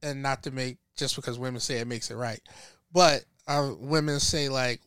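A man co-hosting a casual podcast, pressing his argument and acting out what others would say. His voice is bright and smooth, set slightly high. The sound is dry and close. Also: fairly even intonation, normal speed, dry recording. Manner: argumentative, repeats phrases, acts out quotes. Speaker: podcast co-host. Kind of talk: casual debate chat.

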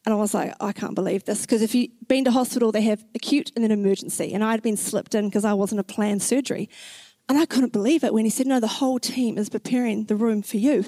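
A young woman sharing a personal faith story in a chatty, expressive way, with many "like" fillers and acted-out reactions. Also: on the high side, fast, dry recording. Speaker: speaker sharing a faith testimony.

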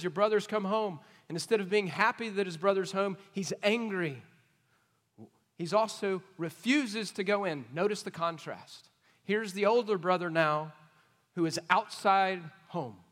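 A man preaching an expository sermon, emphatic and questioning, swinging between loud points and hushed asides. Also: sits high, a little slow. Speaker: pastor. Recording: long reverb of a large hall.

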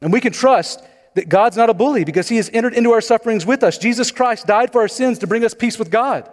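High-voiced pastor preaching in a reverberant hall. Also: male voice, fast talker. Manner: conversational preaching with storytelling asides. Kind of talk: sermon.

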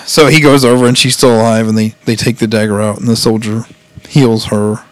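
A man's voice: on the low side, level tone, brisk, dry recording. Rambling man recapping a show, dry sound. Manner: rambling, laughs often, quotes characters in voices. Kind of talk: casual chat retelling an anime plot.

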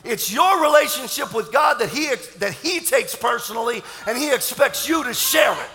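A man pastor preaching an impassioned sermon to a congregation, often shouting. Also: very high-pitched, animated, moderate pace, big-room sound. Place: church sanctuary.

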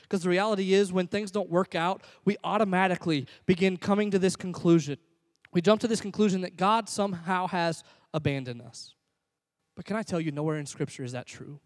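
A man preaching a sermon, telling stories and swinging between loud animated passages and hushed ones. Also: on the high side, fairly quick, long reverb tail. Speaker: pastor.

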